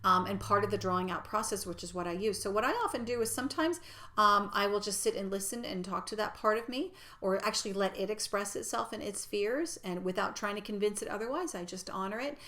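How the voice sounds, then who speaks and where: Woman, personal growth teacher; calm, reassuring teaching talk, at times hushed almost to a whisper. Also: mid-range voice, a little fast. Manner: gentle, reassuring, drops into soft near-whispers.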